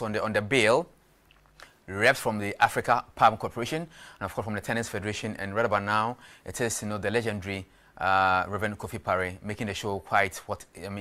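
A fast-talking Ghanaian man hosting a live TV sports show. His voice sits a little low. He keeps the patter rolling with "of course" and "you know". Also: a bit bright. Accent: Ghanaian English. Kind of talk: live TV studio interview.

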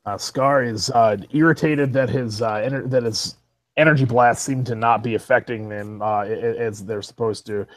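A man playing a character in a tabletop game, describing his moves haltingly with many fillers. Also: medium pitch, fairly even intonation, no echo. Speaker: player. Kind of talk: casual tabletop play.

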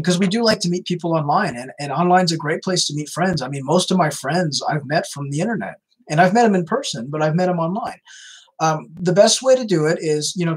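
A video host answers viewer questions in a loose, casual chat, repeating "you know" and restarting sentences often. The voice is medium-pitched and slightly rough, and the recording quality is rough too.

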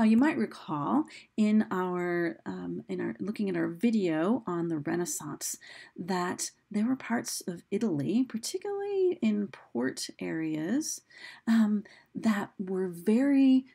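A woman's voice: mid-range voice, expressive, slow pace, creaky, dark tone, slightly rough. A woman teacher giving a recorded lesson, explaining casually with fillers and restarts, and reading quoted lines with dramatic emphasis.

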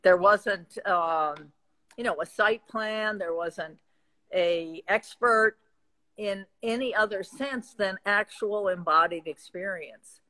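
A woman with a Midwestern accent speaking reflectively as a guest in a live chat, pausing and restarting as she thinks. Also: mid-range voice, sharp tone, poor audio. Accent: American Midwestern.

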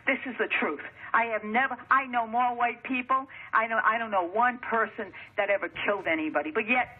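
A middle-aged woman rants into a phone line, bitter and profane, circling back over the same complaints. Her voice is husky and mid-pitched. The sound is thin and tinny, as on an old voicemail line. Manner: bitter, profane, repetitive ranting. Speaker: voicemail caller. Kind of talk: angry voicemail rant. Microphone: telephone.

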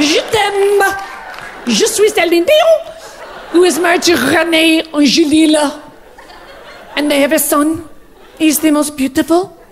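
A woman's voice: extremely high pitch, noisy background. A woman doing a mock French accent, voicing a gushing woman singer who adores her son, breathless and sing-song.

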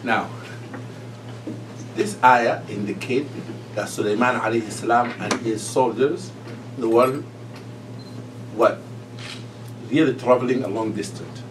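A man's voice: mid-range voice, fairly even intonation, unhurried, long pauses, noisy background. A middle-aged man, an imam, teaching a class on Quran recitation, quizzing his students and breaking into chanted verses. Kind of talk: lively classroom lesson.

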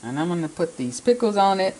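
A woman's voice: on the low side, very animated, a little fast, mellow, a little hiss or hum, low-quality recording. A woman vlogger chatting casually as she assembles a burger in her home kitchen, talking in a homey way. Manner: homey, chatty, talks with mouth full. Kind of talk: casual cooking demonstration.

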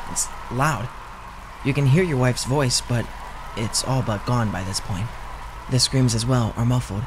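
A man giving scripted second-person horror narration in a measured, tense way. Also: medium pitch, slight background noise.

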